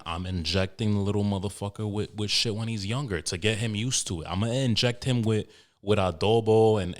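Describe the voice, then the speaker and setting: A young man hosting a podcast, rambling through an emotional, profane story with many restarts. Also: on the low side. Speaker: podcast host. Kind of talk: casual podcast monologue.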